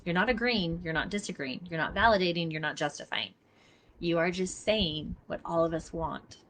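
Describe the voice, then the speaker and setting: Earnest middle-aged woman teaching, slightly low voice. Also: moderate pace, fairly bright tone, a little hiss or hum. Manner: earnest, emphatic, addresses listeners directly. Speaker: body mapping teacher. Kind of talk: casual live teaching talk. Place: outdoors near traffic.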